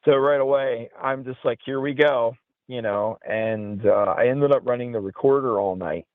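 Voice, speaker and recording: The guest, an outdoorsman and paranormal investigator, speaks at medium pitch and normal speed, meandering through his story with frequent "you know"s. The recording is dry and tinny, as if over a phone.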